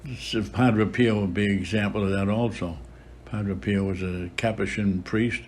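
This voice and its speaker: A centenarian priest tells his memories slowly, stopping often to gather his words. His voice sits somewhat low, and a faint hiss runs behind him. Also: steady tone, a little mellow. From Boston area, USA. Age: about 100. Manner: unhurried storytelling with frequent filler pauses. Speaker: priest, interview guest. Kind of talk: reminiscing in an interview.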